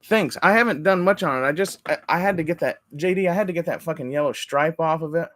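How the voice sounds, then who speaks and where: A man in his forties chatting casually on a livestream while crafting. He rambles, swears often and greets viewers excitably. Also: on the high side, fast talker, no room sound. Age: 40s. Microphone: desk microphone.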